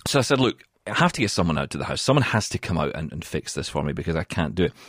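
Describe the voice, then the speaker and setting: Lively, low-voiced British man telling a story. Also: very fast, no echo, clean studio sound. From United Kingdom. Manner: animated storytelling, often laughing. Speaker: podcast co-host. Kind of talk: casual chat.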